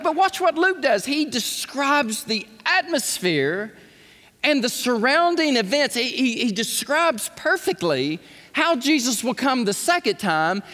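A man preaching a sermon to his congregation, swinging from hushed asides to shouts and asking them to speak along. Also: high voice. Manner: animated, shifting from hushed to shouting, calls on the congregation. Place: church sanctuary. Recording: long hall reverb.

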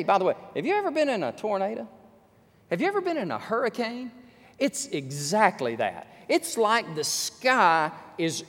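A man preaching an emphatic sermon full of rhetorical questions, in a large church hall. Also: high-pitched. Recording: long hall reverb.

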